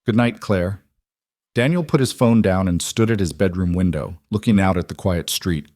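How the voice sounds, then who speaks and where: A man reading a scripted story as narrator, in an even, measured way. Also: low-pitched, dry recording, clean studio sound.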